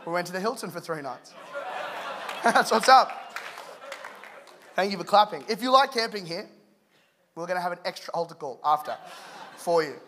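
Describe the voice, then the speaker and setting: Bright, high-voiced joking male pastor. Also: moderate pace, pauses often, a little hiss or hum. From England. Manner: joking, animated storyteller. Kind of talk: humorous sermon.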